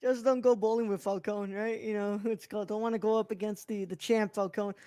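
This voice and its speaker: A woman's voice: mid-range voice, steady tone, a little fast, mellow, no echo, clean studio sound. A woman co-hosting a podcast, reviewing a film in casual chat, rambling with many restarts and plenty of enthusiasm. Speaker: podcast co-host.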